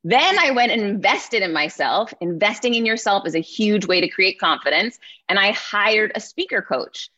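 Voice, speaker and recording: A woman in her forties giving an energetic motivational keynote, often checking in with her listeners. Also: medium pitch, moderate pace, hardly any pauses. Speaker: keynote speaker. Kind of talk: motivational speech. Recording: slightly muffled lo-fi sound.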